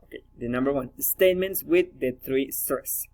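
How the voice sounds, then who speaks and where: Man, pronunciation practice, slow deliberate reading, slightly high voice. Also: a little mellow, poor audio. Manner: slow, careful, deliberate reading of word pairs and sentences. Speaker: language student. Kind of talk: reading pronunciation drills aloud.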